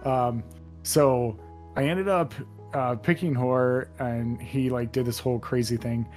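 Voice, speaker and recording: A man's voice: mid-range voice, steady tone, measured pace, a little mellow, faint music behind. A man casually chatting on a podcast, rambling with lots of fillers and restarts. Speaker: podcast co-host. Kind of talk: casual chat.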